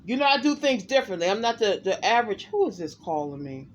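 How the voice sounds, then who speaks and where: A woman's voice: medium pitch, fast, dull audio, a little hiss or hum. A woman psychic reader talking casually and emphatically to her viewers in a vlog, often addressing them directly. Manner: emphatic, animated, talks to viewers as "y'all".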